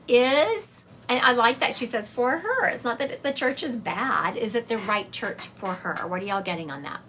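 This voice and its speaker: Female psychic medium host, mid-pitched, encouraging, speaks straight to viewers on a live stream from a computer, faint noise. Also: a bit bright. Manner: encouraging, talks directly to chat.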